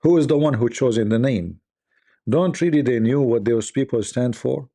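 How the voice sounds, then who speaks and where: Scornful gravelly-voiced male commentator. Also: medium pitch, moderate pace, dark tone. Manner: scornful, rhetorical questions, repeats himself. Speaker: online commentator. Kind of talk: casual live-stream commentary.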